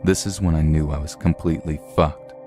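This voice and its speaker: A man with a very low, dark voice reads scary stories aloud in a steady, measured way. A faint music bed plays softly behind his narration. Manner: steady, measured storytelling read. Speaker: narrator reading horror stories. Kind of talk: scripted horror story narration.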